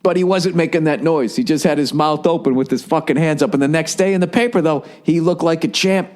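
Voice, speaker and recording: A man's voice: a little high, a little fast, darkish tone. A man hosting a podcast, telling a long, profane anecdote in a casual monologue and mimicking people as he goes. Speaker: podcast host.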